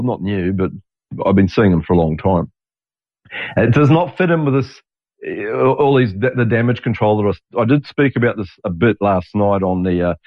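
A man in his sixties hosting his own show in a rambling, digressive monologue, restarting sentences and swearing now and then. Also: on the low side. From Australia. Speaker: podcast host. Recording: dull lo-fi audio.

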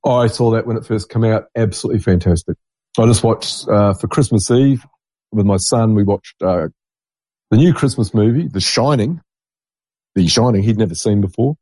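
A man's voice: on the low side, moderate pace, warm tone, no echo. A middle-aged man, a podcast host talking in a rambling, blunt, digressive monologue. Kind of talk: casual monologue.

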